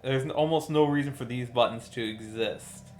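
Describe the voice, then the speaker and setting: A man streaming a strategy game, thinking aloud in a tired, low-key way with wry asides. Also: normal speed, slight background noise. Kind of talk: casual live-stream commentary.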